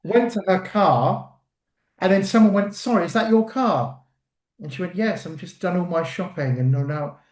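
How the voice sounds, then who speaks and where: A man, a working actor, telling stories in a casual interview, lively and full of fillers and restarts. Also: sits high, normal speed, roomy sound. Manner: animated storyteller, acts out quotes, many fillers.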